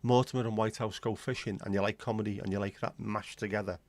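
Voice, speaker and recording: Talking fast with a fairly low, darkish voice and fairly even intonation, this English man in his forties hosts a livestream; there's no echo. The chat is casual, blunt, and opinionated, rambling from aside to aside.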